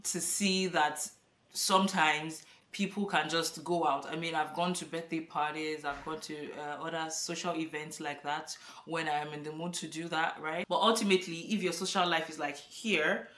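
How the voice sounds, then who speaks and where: A woman's voice: deep voice, fairly even intonation, normal speed, fairly bright tone. A woman in her thirties with a Nigerian accent, talking casually and emphatically to camera in a vlog. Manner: chatty, emphatic, laughs often. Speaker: vlogger. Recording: echoey room, a bit far from the mic.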